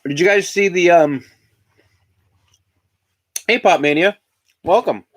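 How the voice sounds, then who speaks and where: A man's voice: sits high, slow pace, a bit bright. A man from Indiana hosting a casual live stream, chatting while he eats breakfast. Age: adult parent of young children. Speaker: live-stream host and collector.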